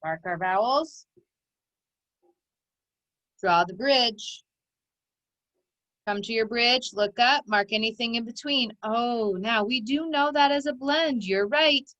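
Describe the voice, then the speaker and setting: A woman's voice: on the high side, takes it slowly, pauses often, fairly bright tone, no echo, dull audio. A woman teaching a recorded phonics lesson to children, giving encouraging step-by-step instructions.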